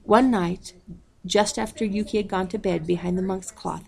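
A woman reading a story aloud at a measured pace, calling out page numbers as she goes. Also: mid-range voice, fairly even intonation, gravelly, darkish tone. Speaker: audiobook reader.

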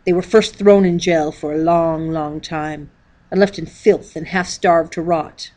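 A woman reading aloud as a stern male church elder who tells a grim story slowly and darkly. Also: sits low, fairly even intonation. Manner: slow and dark, graphic telling.

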